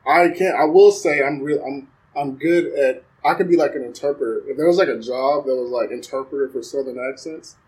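A man's voice: mid-range voice, a little fast, few pauses, darkish tone, rough recording. A man from the American South, a podcast guest chatting casually and laughing easily. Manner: easygoing, laughs often, self-deprecating humor.

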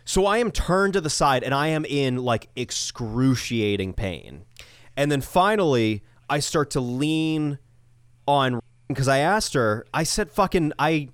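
A man's voice: medium pitch, expressive, unhurried, smooth, no echo. A young man co-hosting a podcast, telling an exasperated story with lots of swearing. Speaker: podcast co-host. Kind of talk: casual storytelling chat.

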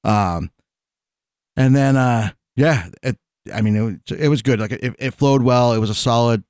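A man's voice: mid-range voice, normal speed, a little mellow, clean tone, no echo, studio quality. A man in casual chat, telling long rambling stories full of fillers and restarts, laughing as he goes. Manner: rambling storyteller, many fillers and restarts, laughs mid-sentence.

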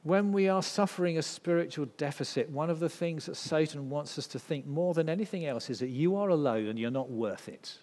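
A man preaching a sermon, swinging from loud, intense passages to hushed ones. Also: on the high side, fairly quick, few pauses. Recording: long reverb of a hall.

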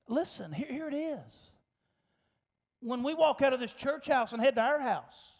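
A man preaching a sermon as pastor in a church, impassioned, repeating phrases for emphasis and breaking into shouts. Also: extremely high pitch, big-room sound.

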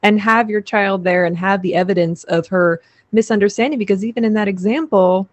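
A woman's voice: medium pitch, a little fast, no echo. A woman hosting an interview, responding in an enthusiastic and reflective way. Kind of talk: conversational interview.

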